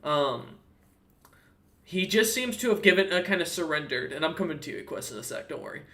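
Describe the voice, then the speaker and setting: Bright-voiced laughing dungeon master man. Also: on the high side, animated, a little fast. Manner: casual, laughing often, many fillers. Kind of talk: narrating a tabletop game.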